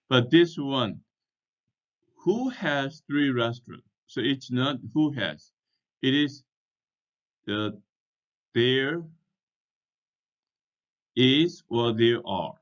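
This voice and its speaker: A man teaches at a very slow, careful pace, spelling words out letter by letter. He speaks with a mid-range voice. The recording sounds dull and lo-fi. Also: medium pitch, animated. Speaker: English teacher. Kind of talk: slow explanatory language lesson.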